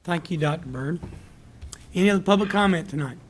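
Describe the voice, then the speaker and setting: A man's voice: fairly high pitch, brisk, a little hiss or hum. A man chairing a county commission meeting, calling speakers and firmly keeping order. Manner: firm, procedural.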